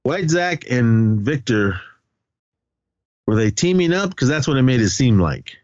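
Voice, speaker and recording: A man's voice: medium pitch, very animated, a little slow, a little mellow, no room sound, highs cut off. A man co-hosting a podcast, casually retelling a film's scenes with lots of quoted lines and fillers. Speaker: podcast co-host. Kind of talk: casual movie recap.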